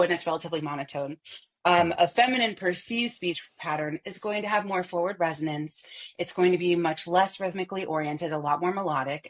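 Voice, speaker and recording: Low-voiced woman voice coach, lively explainer. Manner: lively, laughs between points, demonstrative. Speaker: voice coach and opera singer. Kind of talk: explaining as an interview guest.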